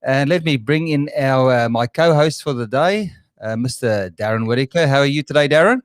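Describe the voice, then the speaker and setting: A man's voice: mid-range voice, animated, moderate pace, no room sound, studio quality. An Australian man hosting a live online Q&A, chatting casually with lots of fillers and restarts. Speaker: show host.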